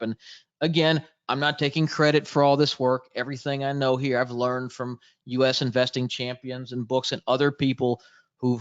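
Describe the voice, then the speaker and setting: A man's voice: mid-range voice, lo-fi sound. A man presenting a live trading webinar, chatty and jokey, greeting viewers in the chat as he goes.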